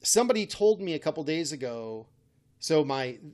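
A man's voice: fairly high pitch, sing-song, moderate pace, darkish tone. A man hosting a casual chat, rambling and correcting himself with a wry tone. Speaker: podcast host.

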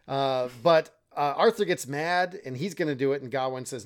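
A man's voice: mid-range voice, expressive, moderate pace, few pauses. Male podcast co-host, teacherly explainer, casual and self-mocking, slips into quoted voices. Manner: explanatory, self-deprecating, acts out quoted lines. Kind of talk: casual literary discussion.

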